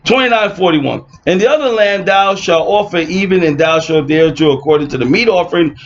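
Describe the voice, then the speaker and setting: A sarcastic man teaches scripture online in an informal way, reading verses and then ridiculing opponents with snide remarks. His voice sits high and brisk, and the dull lo-fi recording carries slight background noise.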